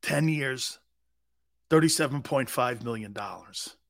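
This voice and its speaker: A man's voice: mid-range voice, measured pace, gravelly, fairly bright tone. A man hosting a live sports talk show, telling a long, rambling anecdote in a casual way.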